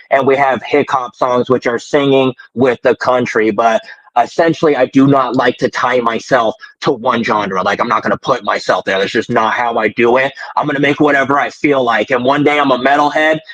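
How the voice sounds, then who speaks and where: A man's voice: mid-range voice, a bit bright, dry recording, low-quality recording. A man from Colorado with a slight country twang, a musician chatting casually on a podcast in a rambling, self-deprecating way. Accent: slight American country twang. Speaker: musician guest.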